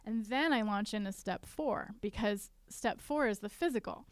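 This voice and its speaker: A woman's voice: mid-range voice, normal speed, clean tone, dry recording. A woman, an author, talking through her coping steps in a casual podcast conversation, earnest and self-deprecating. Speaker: author and guest.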